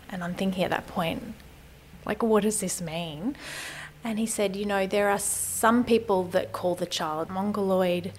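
A woman in her thirties recounts her own story in a candid, conversational way. Her voice sits at a middle pitch and often drops to a breathy near whisper. A faint background hiss runs under the recording. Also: fairly even intonation, normal speed, rough recording. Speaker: guest telling her story. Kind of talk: personal storytelling.

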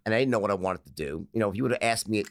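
A man's voice: fairly low pitch, rapid-fire. An American man telling stories in a casual interview as the guest, acting out the people in them and laughing often. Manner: lively, animated storyteller who acts out the people in his tales, laughing often.

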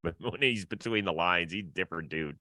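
A man's voice: low voice, brisk, sharp tone, no echo. A man hosting a sports podcast, talking casually and upbeat, often laughing as he chats. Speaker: podcast host.

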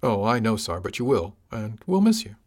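A man's voice: fairly low pitch, sing-song, moderate pace, darkish tone. A man voicing an eager young male crewman who politely calls everyone sir, in an audiobook reading. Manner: polite, says sir constantly.

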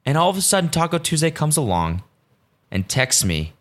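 A man hosting a solo podcast, rambling casually and swearing often, veering between excitement and deadpan asides. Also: medium pitch, brisk. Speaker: podcast host.

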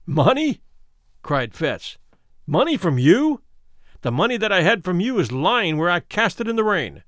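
A man reading aloud and voicing a ruined, bitter old drunkard who confronts an old acquaintance with loud, scornful outbursts. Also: high-pitched, big pitch swings, normal speed, dry recording, studio quality. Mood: indignant.

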